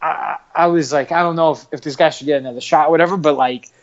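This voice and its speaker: A man chatting casually on a podcast, halting and repeating his words as he talks. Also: on the high side, steady tone, dull audio.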